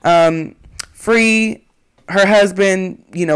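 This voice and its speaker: A woman's voice: on the low side, moderate pace. A woman co-hosting a casual reality-show recap podcast, summing up the episode's events in a plain-spoken way. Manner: summarizing plot points, plain-spoken. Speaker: podcast co-host.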